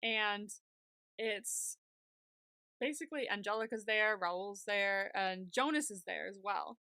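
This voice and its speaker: A woman's voice: medium pitch, takes it slowly, pushed and bright, smooth, no room sound. A young woman co-hosting a podcast, animatedly retelling a TV episode in casual chat, full of "like" and fillers. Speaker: podcast co-host.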